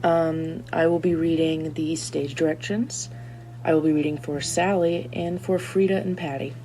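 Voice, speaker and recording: Shy young woman guest, mellow voice. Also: sits low, little pitch movement, moderate pace, slight background noise, low-quality recording. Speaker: podcast guest. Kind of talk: casual chat.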